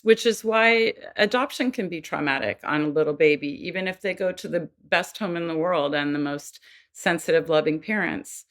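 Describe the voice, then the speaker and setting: A woman's voice: lowish voice, animated, moderate pace. A woman guest on a podcast interview, explaining earnestly and acting out quoted voices now and then. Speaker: guest expert on child development.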